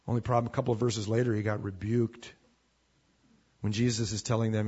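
A man's voice: fairly low pitch, little pitch movement, brisk, pauses often, darkish tone, slightly rough, highs cut off. A man preaching a sermon in an informal, conversational way, acting out the voices in the scripture stories. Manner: conversational, acts out scripture dialogue.

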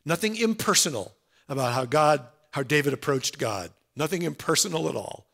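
Earnest conversational preacher man, rather high. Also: lively intonation, normal speed, creaky. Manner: earnest, conversational, swings between soft and loud. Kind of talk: sermon.

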